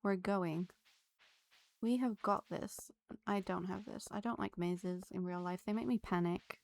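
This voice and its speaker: A woman's voice: medium pitch, moderate pace, darkish tone. A woman live-streaming a game, chatting to her viewers and laughing often. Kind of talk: live gameplay streaming chat.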